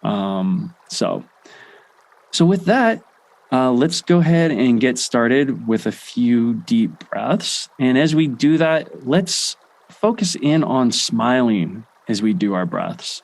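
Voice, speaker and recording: A man's voice: mid-range voice, slow pace, vocal fry. Easygoing male meditation guide. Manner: relaxed, many fillers and restarts; chanting rhythmic ho ho ha ha.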